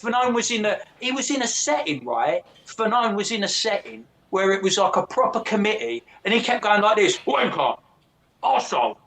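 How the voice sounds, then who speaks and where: A man's voice: high-pitched, a little fast, few pauses, a little hiss or hum. A man in casual chat, telling stories with lots of swearing and mimicking other people's voices. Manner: profane, animated storyteller who mimics others.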